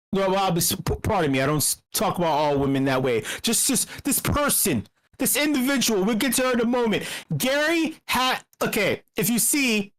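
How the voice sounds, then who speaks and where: A woman with a fairly high voice, swearing freely as she rants. Her delivery is excitable, casual and off the cuff, and her pitch leaps up whenever she gets worked up. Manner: profane, excitable storytelling; big pitch swings when worked up. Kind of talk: casual livestream commentary.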